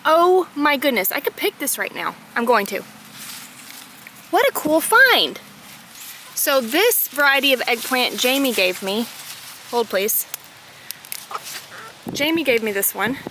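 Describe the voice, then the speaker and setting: A woman, chatting excitedly as she walks her garden for a homesteading vlog, gasping at her finds. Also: sits high, measured pace, pauses often, a little hiss or hum, low-quality recording. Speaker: homesteading vlogger. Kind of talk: casual walk-and-talk vlog. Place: outdoors in a rural garden. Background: outdoor ambience, rustling leaves, animals.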